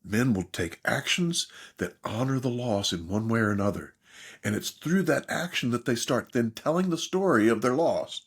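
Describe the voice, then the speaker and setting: An older man with a husky voice talks in an animated, emphatic way. He tells stories as a guest on a podcast and leans hard into his points. His pitch sits in the middle range. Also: normal speed. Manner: animated, emphatic storyteller, mimics others in quotes. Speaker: therapist and author guest. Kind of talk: podcast interview, storytelling.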